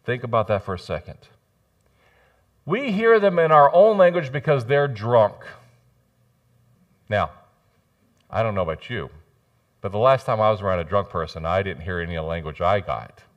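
A man preaching a sermon in a church, joking and swinging between loud bursts and quiet asides. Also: on the low side, normal speed, pauses often, dull audio. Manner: animated, jokey preaching with sudden loud rises and soft drops. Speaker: pastor. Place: church sanctuary.

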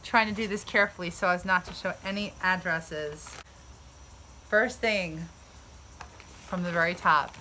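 Bright-voiced chatty American woman. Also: lowish voice, steady tone, measured pace, pauses often, slight background noise, low-quality recording. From United States. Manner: chatty, enthusiastic. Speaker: vlogger. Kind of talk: casual unboxing vlog. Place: outdoors.

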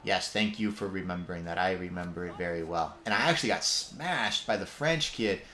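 Low-voiced guy reacting to his own match footage, kinda echoey, talks in quick bits. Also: slight background noise. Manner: animated, talks in quick fragments. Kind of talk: live-stream commentary on match footage. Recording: roomy echo.

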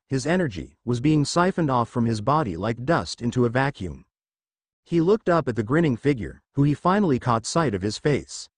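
A man's voice: medium pitch, no room sound. A man reading a fanfiction adventure aloud as narrator, voicing every character in much the same voice.

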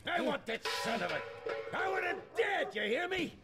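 A shrieking, gravelly mob boss. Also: male voice, very high voice, very animated, moderate pace, loud music behind the voice, over a noisy crowd, exaggerated voice. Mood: furious. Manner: yelling, frantic. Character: furious paranoid male mob boss.

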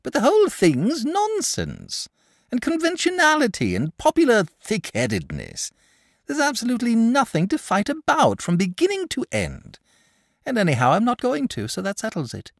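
Man doing nervous fussy dragon, high swooping storybook voice. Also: huge pitch swings, moderate pace, vocal fry, dry recording, studio quality, full character voice. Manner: polite, anxious, prim. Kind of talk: audiobook character voice.

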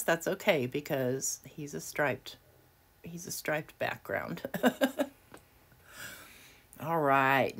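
This craft video host has a low-pitched, fairly bright voice. Working at her home desk, she runs an easygoing crafting tutorial, chatting away, poking fun at herself and frequently laughing at her own expense.

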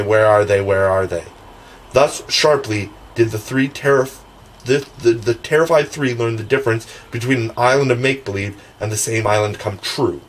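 A man's voice: mid-range voice, breathy edge, rough recording. A man narrating a classic children's novel as an audiobook reader, with occasional stumbles and restarts.

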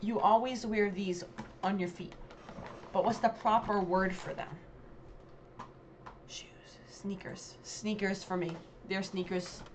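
A woman's voice: medium pitch, fairly even intonation, a little slow, long pauses, background noise. Chatty, hesitant woman vlogger. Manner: chatty and hesitant, with many ums and self-corrections. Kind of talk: casual commentary on a dialect quiz.

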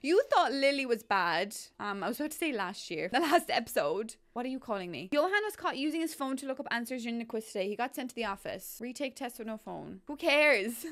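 Young woman, gaming commentary, exasperated, frantic, pleading, slightly high voice, laughs often. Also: sing-song, fairly quick, a bit bright. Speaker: gaming YouTuber. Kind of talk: live gameplay commentary.

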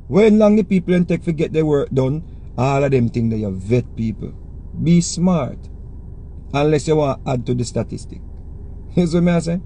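A man's voice: a little high, animated, normal speed, warm tone. A Jamaican man giving casual spoken commentary, emphatic and preachy, repeating his warnings to the listener.

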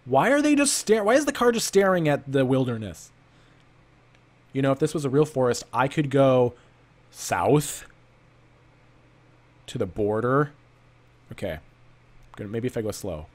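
A man doing gameplay commentary, rambling through an improvised backstory and breaking into panicky outbursts and rapid repeated commands. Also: mid-range voice, very animated. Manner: playful self-talk, rambling asides. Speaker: let's play gamer.

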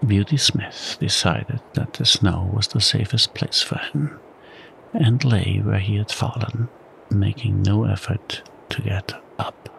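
A man narrating an audiobook as whispered role-play, soft-spoken and calm. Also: lowish voice, slow, vocal fry, slight background noise, rough recording.

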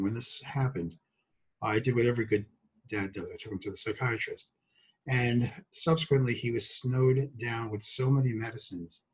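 Husky older guy from brooklyn, chatty and jokey, lots of uhs. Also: medium pitch, poor audio. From Brooklyn, New York. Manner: chatty and joking, with many fillers. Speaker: guest doctor. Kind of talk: casual talk.

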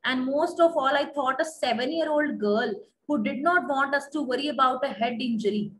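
A woman's voice: high voice, normal speed, a bit bright, slight background noise, low-quality recording. A woman teacher with an Indian English accent, reading a story aloud to a class and then retelling each part in plain words. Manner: reads passages aloud, then retells them in simple words.

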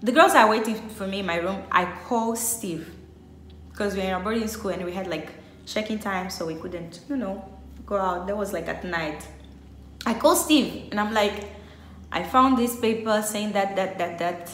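A woman's voice: mid-range voice, moderate pace, a bit bright, a little hiss or hum. A young woman telling a personal story on her vlog, chatty and full of filler words. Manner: chatty, heavy use of filler "like". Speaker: vlogger. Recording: echoey room.

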